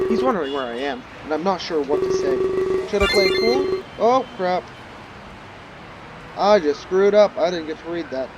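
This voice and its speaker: A man's voice: high-pitched, lively intonation, normal speed, dull audio, very noisy. A man playing a visual novel, reading the narration aloud and dropping wry, joking asides. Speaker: video game player. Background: loud game music.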